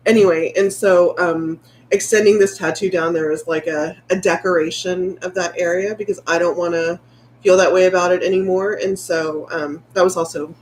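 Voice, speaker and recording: A woman's voice: on the low side, steady tone, normal speed, slight background noise. A woman, chatting candidly with viewers and reading their comments, rambling and heartfelt. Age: late 30s. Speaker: vlogger. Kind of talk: casual livestream chat reading viewer comments.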